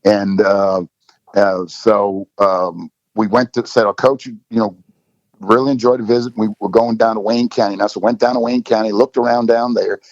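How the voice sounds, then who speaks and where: A man's voice: fairly low pitch, steady tone, moderate pace, darkish tone, no echo. A middle-aged man, a football coach, telling stories in a casual interview with lots of "you know" fillers. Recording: dull lo-fi dry recording.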